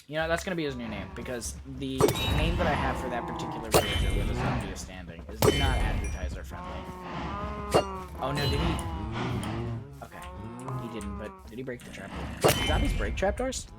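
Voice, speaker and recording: A young man chatting casually while streaming a video game, rambling off on tangents with a self-deprecating streak. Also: mid-range voice. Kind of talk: casual gaming stream chat. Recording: loud game noise behind voice. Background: loud game sounds.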